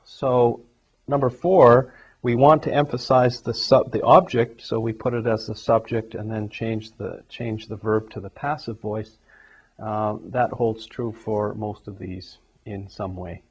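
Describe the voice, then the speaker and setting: A man teaching English grammar, explaining examples step by step in a steady classroom manner. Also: on the low side, unhurried, husky. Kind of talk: grammar lesson. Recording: dull lo-fi recording.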